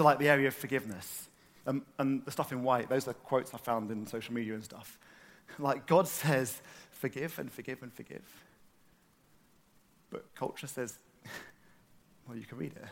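A man from north London, preaching a sermon in a lively, conversational way and asking the room questions. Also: medium pitch. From north London, England.

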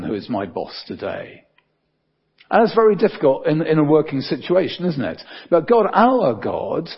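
An older man preaching a sermon in a conversational way, with many fillers and soft dips for emphasis. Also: mid-range voice, slightly rough, highs cut off.

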